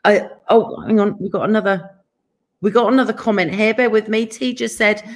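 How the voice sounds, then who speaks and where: A woman's voice: mid-range voice, steady tone. Chatty English woman hosting. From England. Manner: chatty, laughs often, quick asides. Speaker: podcast host interviewing an author. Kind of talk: casual interview chat. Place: California home.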